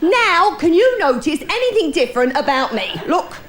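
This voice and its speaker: A man's voice: very high-pitched, very animated, moderate pace, a bit bright, voice pushed up, exaggerated voice. A woman voicing her blunt, teasing middle-aged husband in a stand-up routine. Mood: boastful.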